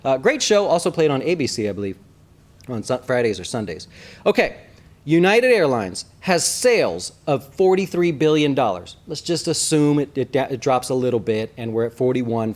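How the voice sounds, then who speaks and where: An animated man with a slightly raised pitch gives casual commentary on the stock market. He hosts an investing show and talks straight to his viewers. He keeps checking in with a quick "right?". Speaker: investment advisor and show host.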